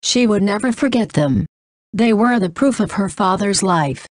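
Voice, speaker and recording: A woman narrating a novel in a flat reading that says punctuation aloud. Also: medium pitch, normal speed, no echo, clean studio sound.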